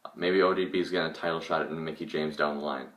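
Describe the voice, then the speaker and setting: A man's voice: rumbling low, steady tone, fast, far from the mic, lo-fi sound. A young man casually reviewing a wrestling show, opinionated and rambling, with lots of fillers and restarts. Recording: echoey room, voice from off the mic.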